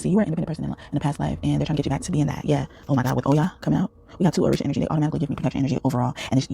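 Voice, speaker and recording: Guy doing a tarot reading super fast, gravelly low-toned voice, rambly with lots of fillers. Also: mellow. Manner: rambling, many fillers and restarts, frequent laughs. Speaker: tarot reader. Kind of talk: casual spoken tarot reading.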